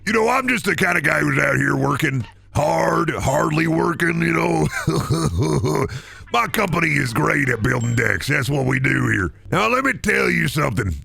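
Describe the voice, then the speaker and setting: A man voicing a boastful everyman deck-building contractor, rambling through a swaggering sales pitch in a comedic improvised bit. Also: lively intonation, moderate pace, vocal fry, bright, forceful tone, slightly rough, no room sound, exaggerated voice.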